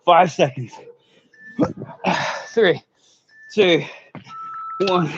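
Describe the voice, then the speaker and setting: A winded male fitness coach leads a live workout, calling out counts and pushing people to keep going. His voice sits a little high and his pace is unhurried. The stream audio is dull and lo-fi. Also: animated, slightly rough, no echo. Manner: counts down reps and urges on, with short laughs. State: out of breath.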